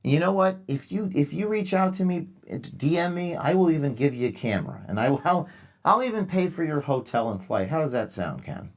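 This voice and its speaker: A man's voice: a little high, sing-song, brisk. A man hosting a live call-in show, lecturing callers in a sarcastic, mock-earnest way. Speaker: show host taking calls.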